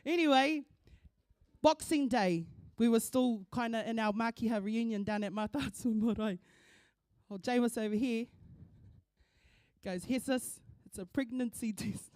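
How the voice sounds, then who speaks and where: A middle-aged New Zealand woman with a high, bright pitch shares heartfelt family memories at a church funeral. Her talk is warm and emotional, and she drops Māori words in as she goes. The sound is close and dry. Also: unhurried, pauses often, no echo. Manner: warm, laughing through tears, mixes in Māori words. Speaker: eulogy speaker, daughter of the deceased. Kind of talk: emotional storytelling at a funeral service.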